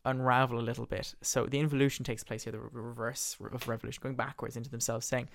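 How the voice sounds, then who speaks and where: A man's voice: medium pitch, vocal fry, a little hiss or hum. A man animatedly retelling the scenes of a play in a casual discussion. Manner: animated storyteller, quick and expressive.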